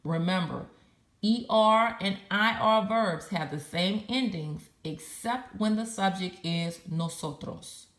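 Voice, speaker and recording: A woman's voice: medium pitch, slow, a bit bright, echoey room. A woman teaching a recorded Spanish lesson, patiently spelling out verb endings letter by letter.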